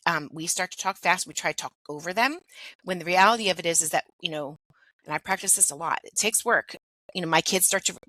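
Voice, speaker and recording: A woman's voice: fairly low pitch, sharp tone, dry recording, rough recording. A middle-aged woman, a pediatric occupational therapist, explaining things in a conversational interview, often adding "like" and "right?". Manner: explanatory, peppers speech with "like" and "right?".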